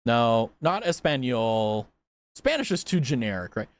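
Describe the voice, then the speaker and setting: A man's voice: medium pitch, sing-song, a little slow, no room sound. Playful, giggly streamer man. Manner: playful, stumbling through foreign words. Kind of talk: casual live game commentary.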